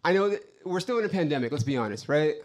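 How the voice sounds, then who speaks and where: A man's voice: a little high, animated, quick pace. A man doing a brash, profane stand-up set on a club stage, ranting to the crowd. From Los Angeles. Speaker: stand-up comedian.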